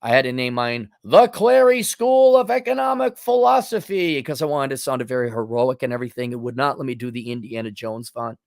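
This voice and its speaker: A middle-aged man hosts a livestream and works through viewer super chats with blunt, mocking sarcasm. His voice sits in a medium pitch, and the recording is dry and close with no room sound. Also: flat delivery, quick pace, hardly any pauses, no room sound. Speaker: host.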